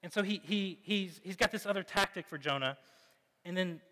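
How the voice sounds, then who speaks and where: A man in his thirties delivers an animated sermon, slipping into the voices of the people in his story. His voice sits a little high and rings bright. It echoes through a large hall with a long tail of reverb. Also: normal speed. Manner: animated storytelling, acts out quotes. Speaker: pastor.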